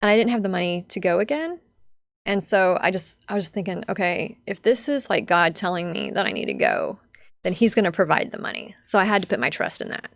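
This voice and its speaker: Young woman guest, kinda gravelly fry, chatty and earnest, dry close sound. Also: mid-range voice, lively intonation, brisk, dry recording. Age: young adult. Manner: heartfelt, chatty, full of fillers. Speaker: podcast guest. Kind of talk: casual personal storytelling.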